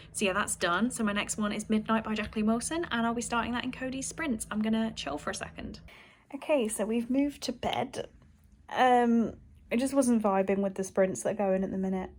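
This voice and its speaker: A young woman talks straight to her camera at home in a chatty, candid vlog. Her voice sits at a middle pitch and she rambles through quick asides. A faint hiss runs underneath. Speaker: book vlogger. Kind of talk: casual vlog chat. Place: at home, partly from bed.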